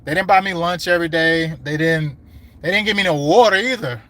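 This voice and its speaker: A man who runs a landscaping business, chatting casually on a livestream from his truck, rambling and slangy, his voice going hoarse. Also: a little high, brisk, fairly bright tone. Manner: rambling, laid-back, slangy talk. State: hungry and losing his voice. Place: inside his truck while driving. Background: faint vehicle road noise.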